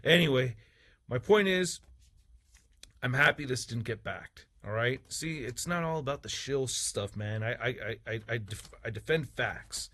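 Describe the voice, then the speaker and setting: A man's voice: mid-range voice, expressive, measured pace, bright, forceful tone. A man reviewing toys in a heated, profane opinion rant with sarcastic jabs. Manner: mocking, sarcastic asides. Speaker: toy reviewer. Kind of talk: ranting opinion vlog.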